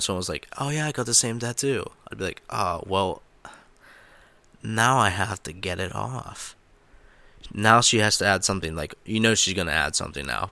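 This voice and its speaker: Young male podcast host, deep voice, dry close sound, crude sarcastic rambling. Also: creaky, bright, forceful tone, no echo. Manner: rambling, crude and sarcastic, heavy filler words. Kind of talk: casual solo commentary.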